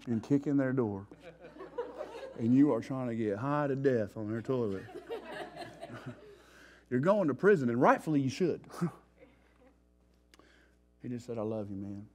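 A man's voice: medium pitch, slow, pauses often. A man giving a sermon-style testimony at a church recovery revival, telling his story in slangy street talk and acting out his past panic. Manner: animated, acts out his own past panic.

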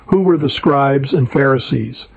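A man's voice: medium pitch, measured pace, vocal fry, husky. A man preacher reading his own sermon paper aloud, emphatic and indignant. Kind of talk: read sermon narration. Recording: tinny phone-like audio.

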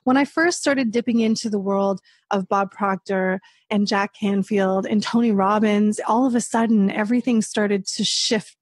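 A woman hosts a podcast in a casual, conversational way, relating her own story to her guest's. Her voice is a little husky and breathy, and the recording is dry. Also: medium pitch, fairly even intonation, normal speed, few pauses, no room sound. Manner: relatable, shares own experience. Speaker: podcast host. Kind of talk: casual interview chat.

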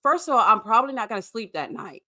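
Bright, blunt woman podcast guest. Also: fairly high pitch, animated, fast. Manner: blunt, sarcastic trash-talk. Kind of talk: casual recap chat.

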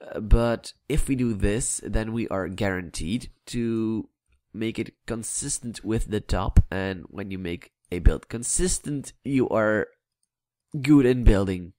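A man's voice: lowish voice, takes it slowly, a little mellow, no room sound, clean studio sound. A man giving casual, rambling commentary while building in a game, muttering at himself between explanations. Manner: rambling, chatty, mutters at himself with filler words; plays with a vague put-on accent.

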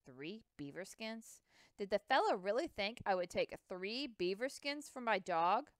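A woman voicing a proud, excitable male expedition captain whose words tumble out in indignant bursts, in a storybook reading. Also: medium pitch, unhurried, clean tone, dry recording, studio quality.

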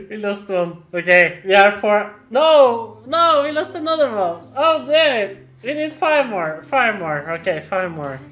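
Slow, high-voiced woman in her late twenties. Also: animated, fairly bright tone. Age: late 20s. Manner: ecstatic, exclaiming, laughing, repeating phrases. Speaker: gaming YouTuber. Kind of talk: live reaction to a subscriber milestone. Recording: echoey room with faint music.

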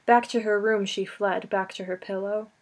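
A woman narrating an audiobook in an expressive way, slowing down on emotional lines. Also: medium pitch. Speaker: audiobook reader.

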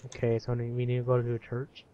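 A man's voice: medium pitch, monotone, brisk, highs cut off, crowd noise. A young man playing along in a casual game session, laid-back and teasing. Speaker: co-player. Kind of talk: casual gameplay chat.

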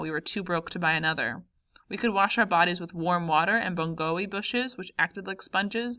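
A woman narrating a memoir audiobook in a calm, measured way. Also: on the low side. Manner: calm, measured, first-person memoir reading. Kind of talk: audiobook reading.

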